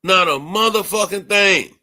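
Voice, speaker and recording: Male streamer, furious profane rant, bright forceful tone, higher-pitched. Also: a little slow. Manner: angry, profane, repetitive. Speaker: livestream host. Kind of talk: ranting livestream commentary.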